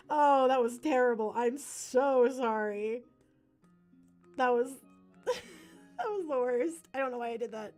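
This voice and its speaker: A woman's voice: high-pitched, expressive, slow, pauses often, darkish tone, faint music behind. A young woman chatting casually and playfully on a livestream, slangy and giggly while she works. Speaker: streamer drawing commissions.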